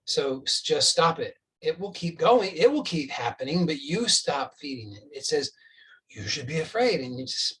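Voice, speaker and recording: A man with a fairly high voice gives an insistent spiritual talk. He restarts phrases and plays out imagined back-and-forth with the listener, and his voice sounds a little distant from the microphone. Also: big pitch swings, moderate pace, fairly bright tone. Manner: earnest, insistent, with many restarts and acted-out dialogue. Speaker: spiritual teacher.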